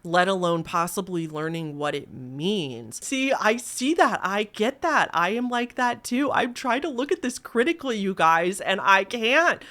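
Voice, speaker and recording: A woman's voice: mid-range voice, lively intonation, a little slow, few pauses, a bit bright. A young woman hosting a casual video, chatting animatedly to her viewers and mimicking voices in the lines she quotes. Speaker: YouTube host. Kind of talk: casual commentary on viral videos.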